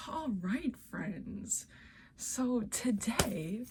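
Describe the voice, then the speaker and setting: A young woman chatting casually in her vlog, playful and rambling, with sudden loud exclamations. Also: a little high, sing-song, very slow, slight background noise. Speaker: vlogger.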